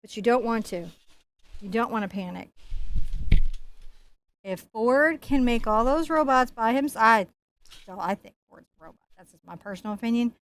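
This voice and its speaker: A woman's voice: on the high side, lively intonation, normal speed, long pauses. A woman giving a painting lesson, chatting playfully and joking as she works. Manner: chatty, playful, jokes and laughs while painting. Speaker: painting instructor.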